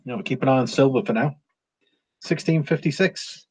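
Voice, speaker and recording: A man's voice: mid-range voice, moderate pace, a little mellow, husky, no echo. A man hosting a live stream in casual chat, reading out viewer comments and answering them with frequent fillers and restarts. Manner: reads viewer comments aloud and replies. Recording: dull lo-fi audio with faint hiss.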